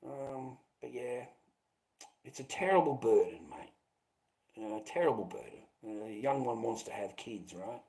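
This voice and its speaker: A man's voice: medium pitch, lively intonation, measured pace, dark tone, rough recording. A middle-aged Australian man rambling bitterly to viewers, swearing constantly and calling them mate. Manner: profane, bitter, repetitive, calls listeners mate. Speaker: vlogger.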